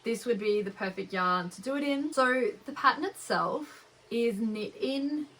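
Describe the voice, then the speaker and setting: A woman's voice: on the high side, unhurried, a bit bright, low-quality recording. A young woman with an Australian accent, hosting a knitting podcast in a rambling, chatty way. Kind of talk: casual chat.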